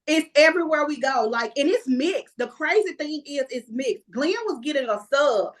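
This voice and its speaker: Lively high-voiced woman storyteller. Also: normal speed. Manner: lively storyteller, acts out other people's lines. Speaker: reality TV cast member, guest. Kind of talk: casual interview chat, storytelling.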